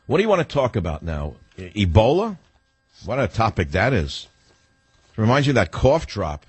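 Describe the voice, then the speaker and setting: A man's voice: lowish voice, very animated, a little fast, breathy edge, no room sound. An older man hosting a talk radio show, rambling and sardonic, acting out the voices in his head. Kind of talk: talk radio monologue and calls.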